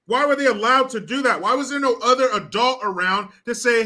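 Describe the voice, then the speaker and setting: A man's voice: very high-pitched, brisk, sharp tone. A man delivering blunt, profane, indignant commentary to the camera. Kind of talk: ranting commentary.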